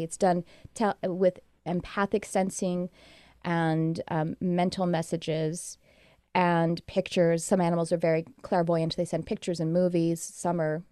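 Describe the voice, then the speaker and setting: A woman's voice: fairly low pitch, warm tone, smooth, no echo, clean studio sound. A woman guest in a casual interview, telling rambling, earnest stories about her work. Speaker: guest, animal communicator.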